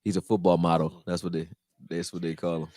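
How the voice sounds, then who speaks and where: A man hosting a live stream, chatting loosely with slang and getting loud and heated when reacting to plays. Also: low-pitched, flat delivery, fairly quick. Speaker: livestream host reacting to a football game. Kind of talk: casual live commentary chat.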